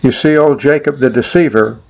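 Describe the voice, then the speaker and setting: A man narrates a rhyming storybook poem in a measured, sing-song storytelling manner. His voice sits at an ordinary middle pitch. The recording is a little dull and lo-fi.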